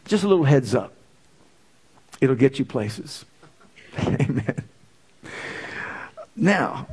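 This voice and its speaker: A man's voice: fairly high pitch, darkish tone. A man preaching a sermon as pastor, stressing key words and calling out to the congregation.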